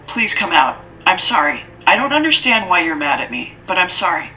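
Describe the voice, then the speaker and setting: An earnest, lonely schoolgirl from an audiobook, eager to please and quick to apologize, as a woman reader puts her on. Her voice is lifted high and childlike, with a bright edge. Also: sing-song, slight background noise, poor audio. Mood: pleading. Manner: pleading, apologetic, raised childlike pitch.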